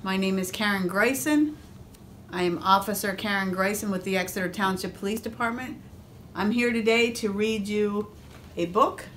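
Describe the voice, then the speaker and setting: A woman police officer reading a picture book aloud to a first grade class, expressive and adding asides to the children. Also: medium pitch, moderate pace, a little hiss or hum.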